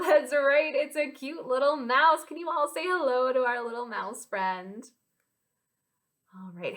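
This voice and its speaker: A young American woman, a children's librarian, leading a storytime for small children in an animated, sing-song and encouraging way. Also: on the high side.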